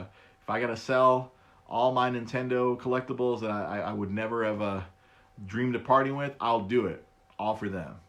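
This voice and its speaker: A man in his thirties hosting a casual solo podcast, laughing often, stammering and repeating words, and jumping his voice high for quoted bits. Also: a bit bright. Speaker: podcast host.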